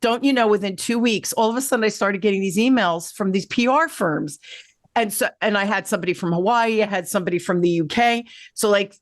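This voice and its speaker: A woman's voice: mid-range voice, brisk, no echo, clean studio sound. A middle-aged woman from New Jersey hosting a podcast, telling stories in a chatty way and often checking in with "right?". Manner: chatty storyteller, keeps asking "right?". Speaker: podcast host. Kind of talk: casual interview chat.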